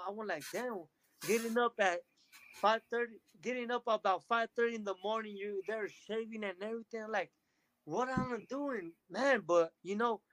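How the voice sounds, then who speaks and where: A man talking as a podcast guest, telling energetic stories and acting out what others said to him. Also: high-pitched, slight background noise, rough recording. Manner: energetic storytelling, quotes others in lively bursts. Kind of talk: casual interview chat.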